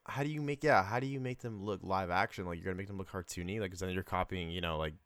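Low, smooth-voiced young man, halting. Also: fairly bright tone, no room sound. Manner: halting, full of fillers and restarts. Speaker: podcast co-host. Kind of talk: casual chat.

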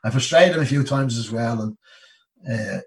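A man's voice: medium pitch, moderate pace, recorded from a distance, poor audio. A middle-aged Irish man telling stories in an interview, rambling and full of "you know what I mean". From Ireland. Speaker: interview guest, retired Olympic boxer. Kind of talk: casual storytelling interview.

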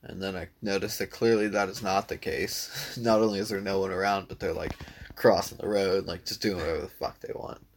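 A man's voice: low-pitched, steady tone, fairly quick, a little hiss or hum. A man casually telling a long story to a friend, laid-back, swearing freely and filling his talk with "dude" and "like".

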